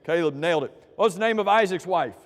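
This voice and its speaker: A man's voice: high voice, expressive, fast talker, in a large hall. A man leading a church class through quiz questions, joking with the people who answer and calling on them by name. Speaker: Bible class teacher.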